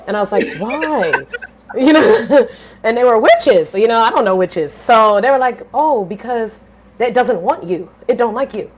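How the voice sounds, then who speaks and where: A woman in her thirties, a podcast guest telling her story in a lively, blunt way, swearing casually and switching voices when she quotes people. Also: a little slow, a little hiss or hum. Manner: animated, swings pitch widely when quoting others.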